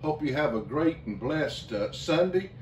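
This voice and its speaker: A male pastor leading a communion service, talking slowly with many fillers and restarts. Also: fairly high pitch, expressive, a little mellow, slight background noise. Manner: slow, halting, with many fillers. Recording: echoey room, mic at a distance.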